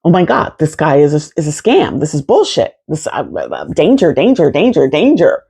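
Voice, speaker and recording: A woman in her fifties telling a personal story to camera in an animated, expressive way, swearing freely. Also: low voice, fairly quick, creaky, breathy edge. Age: 50s. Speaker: vlogger.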